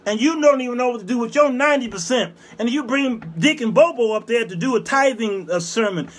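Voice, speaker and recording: Man in his fifties, very high-pitched voice, fiery scolding rant, preachy, repeats lines for effect, shouts now and then. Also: fairly quick. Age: 50s. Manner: repetitive hammering phrases. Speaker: show host. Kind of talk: ranting monologue.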